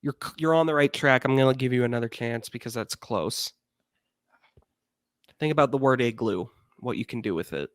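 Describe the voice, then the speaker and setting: A man's voice: medium pitch, normal speed, dry recording. A young man co-hosting a sports podcast who talks in a chatty, opinionated way with frequent fillers. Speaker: podcast co-host. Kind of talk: casual sports chat.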